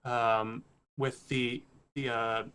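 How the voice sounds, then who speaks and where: A man's voice: mid-range voice, flat delivery, extremely slow, bright, forceful tone, clear, resonant tone. Man in character as an earnest diplomatic cleric, hesitant, stammering, mid-range voice. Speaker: player. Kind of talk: in-character role-play.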